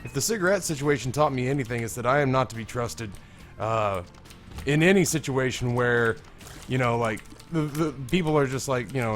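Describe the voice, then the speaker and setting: A hoarse young man hosting a let's play, commentating in a rambling, candid way and swearing freely. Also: medium pitch, normal speed, faint music behind. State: hoarse, strained voice. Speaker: gaming video host.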